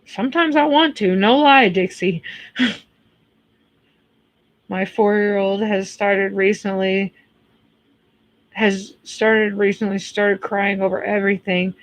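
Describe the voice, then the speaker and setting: Blunt American woman, casual livestream chat, mid-pitched voice, dry close sound. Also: slow pace, pauses often, no room sound. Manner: blunt, chatty, swears freely. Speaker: livestream host reading chat.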